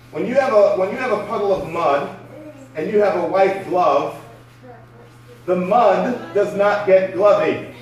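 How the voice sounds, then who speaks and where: A man preaching a sermon to his congregation in a conversational way, often asking rhetorical questions. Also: high voice. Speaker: pastor. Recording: echoey hall from far off.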